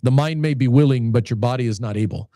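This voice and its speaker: A man's voice: mid-range voice, fast, warm tone, dry recording, studio quality. A man in his late fifties, a channel host, talking casually to his viewers in a rambling way with frequent restarts and repeated words. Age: 50s. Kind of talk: casual talk to camera.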